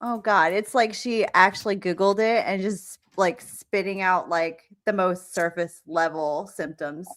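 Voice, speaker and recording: A woman's voice: lowish voice, steady tone, a little slow, hardly any pauses, a bit bright. A woman co-hosting a casual chat, talking in a chatty way with lots of fillers and frequent laughs. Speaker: podcast co-host.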